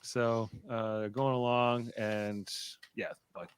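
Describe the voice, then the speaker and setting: A man's voice: lowish voice, level tone, slow pace, clean tone, no room sound. A man co-hosting a podcast, casually recapping an episode and acting out characters' lines as he goes. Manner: retells scenes and acts out characters' lines. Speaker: podcast co-host.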